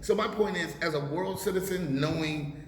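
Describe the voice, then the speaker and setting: A man's voice: fairly high pitch, moderate pace. Blunt, profane man in an echoey room. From United States. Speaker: rapper guest. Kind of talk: casual interview talk. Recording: echoey room with long reverb and faint hiss.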